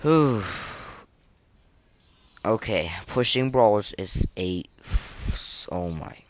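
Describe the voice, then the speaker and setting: A man's voice: fairly low pitch, animated, very slow. Flustered young man commentating gameplay. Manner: self-deprecating, flustered, frequent fillers and restarts. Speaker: gaming podcaster.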